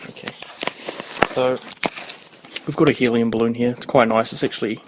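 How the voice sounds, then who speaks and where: A man's voice: mid-range voice, fairly even intonation, normal speed, slight background noise. A man in his twenties hosting a podcast, chatting casually in a rambling way, swearing freely and losing his thread. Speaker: podcast host.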